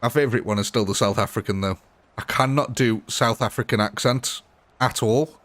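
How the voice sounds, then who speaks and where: A man's voice: on the low side, moderate pace, a bit bright, dry recording. A man hosting a live gaming stream, blunt and joking, laughing often. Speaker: gaming livestream host. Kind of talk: casual live commentary.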